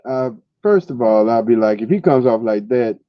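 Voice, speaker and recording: A man's voice: medium pitch, animated, normal speed, no room sound. A man co-hosting a casual podcast chat, blunt and profane, laughing as he talks. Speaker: podcast co-host. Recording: dull dry lo-fi sound.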